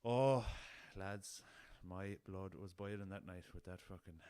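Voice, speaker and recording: Irish man, very low voice, dry close sound, rambling podcast host, swears a lot. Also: a little slow, dark tone, clear, resonant tone, dry recording. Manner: rambling, swears freely, addresses listeners as lads. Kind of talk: casual solo storytelling. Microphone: podcast recorder with laptop.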